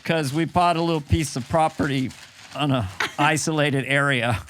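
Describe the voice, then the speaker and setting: A man hosting a podcast who tells a story in an animated way, laughing as he chats casually. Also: fairly high pitch, moderate pace, slight background noise. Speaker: podcast host. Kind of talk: casual chat.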